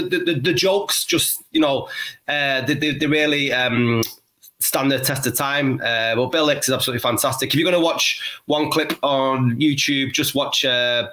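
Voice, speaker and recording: A man's voice: on the high side, sharp tone. A man in his forties co-hosting a podcast, chatting enthusiastically and rambling with lots of restarts. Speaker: podcast co-host. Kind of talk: casual chat.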